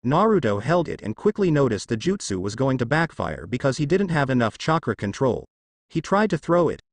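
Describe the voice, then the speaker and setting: A man narrates a fanfiction audiobook in steady reading, his pitch moving in a lively way. The sound is dry and close, with no room around it. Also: dry recording.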